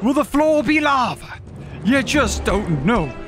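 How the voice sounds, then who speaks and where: A man's voice: fairly high pitch, fairly quick, lightly acted. A man putting on a theatrical voice in a strange, unplaceable accent, musing dramatically over game music. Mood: mock-profound. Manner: dramatic, mock-philosophical delivery.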